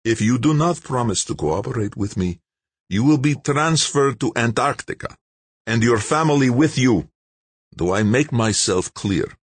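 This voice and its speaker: A stern male Russian official delivers formal, clipped threats in a husky voice pitched well above the man voicing him. The sound is close and dry, like a storybook read in a quiet booth. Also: expressive, unhurried, dry recording. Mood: cold.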